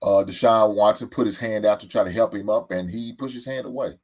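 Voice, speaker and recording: A man's voice: lowish voice, brisk, a little mellow. A man hosting a sports show, ranting heatedly about his team, stammering and repeating words as he goes. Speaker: sports podcast host. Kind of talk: animated sports fan rant.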